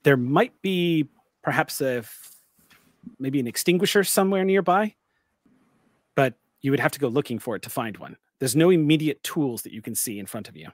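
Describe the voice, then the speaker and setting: A man's voice: mid-range voice, animated, no echo, studio quality. Man narrating a tabletop horror game. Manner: vivid, deliberate descriptive narration. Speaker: game master.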